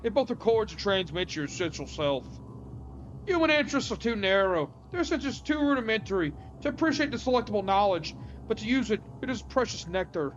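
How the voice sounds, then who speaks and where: A woman voicing an ancient male plant monster that collects souls, speaking in a slow, mock-folksy cowboy drawl. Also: mid-range voice, sing-song, highs cut off, soft background music, lightly acted. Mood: ominous. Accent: cowboy drawl, put-on.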